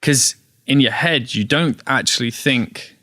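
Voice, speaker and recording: A man chatting as a podcast guest, retelling his story with animated quoted voices and bursts of laughter. His voice sits in an ordinary middle pitch. The sound is dry and close to the mic. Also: measured pace, no echo. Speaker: gig promoter, guest. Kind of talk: casual interview chat. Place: podcast studio.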